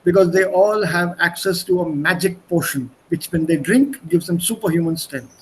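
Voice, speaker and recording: A man with a fairly high voice runs an online language class. He is chatty, often repeats his words and shifts from one language to another mid-thought. Faint room ambience sits behind his video-call audio. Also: moderate pace, slight background noise, rough recording. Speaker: teacher.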